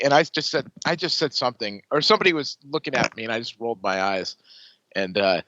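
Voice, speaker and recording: A man co-hosting a podcast, ranting in casual chat with exasperated, animated swearing. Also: mid-range voice, fast talker, dry recording. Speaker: podcast co-host. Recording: dull lo-fi dry podcast mic.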